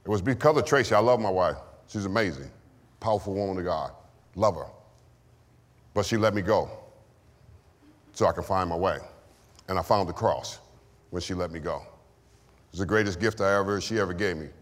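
Man, preacher, sermon and testimony, low voice, long hall echo. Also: moderate pace, long pauses. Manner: call-and-response preaching, testimony.

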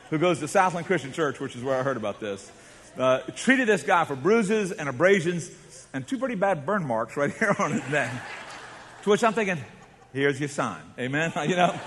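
A man preaches from the pulpit, his voice sitting a little high for a man. He tells stories with drama, dropping to a hush and then rising to a shout, while a long reverb trails off in a large church hall. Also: a little hiss or hum. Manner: dramatic storytelling, swings from hushed to shouting. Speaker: pastor. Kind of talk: sermon.

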